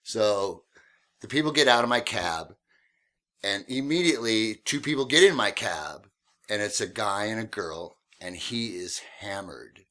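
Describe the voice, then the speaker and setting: A man with a low but bright, forceful voice tells cab stories casually. He laughs often and swears freely, animated and chatty. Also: a little slow. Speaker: host, taxi driver. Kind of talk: casual podcast storytelling.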